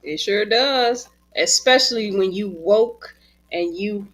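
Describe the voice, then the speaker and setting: A woman, an author and spiritual teacher, talking in a casual conversation as an animated, expressive storyteller who laughs often, heard over a video call. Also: mid-range voice, slow pace.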